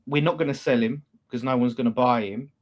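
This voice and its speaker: A man's voice: mid-range voice, a little fast. A man co-hosting a football fan show, talking casually and bluntly, with plenty of swearing and restarts. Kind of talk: casual chat.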